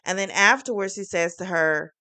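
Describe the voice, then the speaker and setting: A woman reviewing a book series, retelling the plot in a chatty, animated way with plenty of fillers. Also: mid-range voice, moderate pace, clear, resonant tone, no echo.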